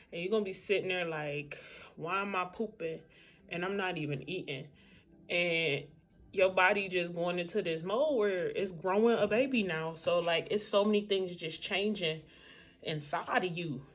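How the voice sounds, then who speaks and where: A woman's voice: on the low side, unhurried. A woman vlogging in a casual, candid chat, talking straight to her viewers.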